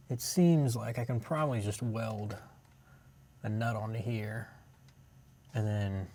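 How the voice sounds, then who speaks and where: A man's voice: on the low side, darkish tone, a little hiss or hum. A man talking casually and profanely while working on his car, often trailing off and restarting his sentences. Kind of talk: casual garage vlog.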